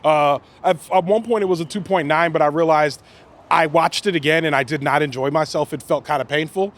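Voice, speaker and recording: A man's voice: fairly high pitch, brisk. A man hosting a podcast, chatting casually about a film, loose and rambling with lots of fillers. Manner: relaxed, rambling, lots of "like" and restarts. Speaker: podcast host. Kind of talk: casual movie review chat.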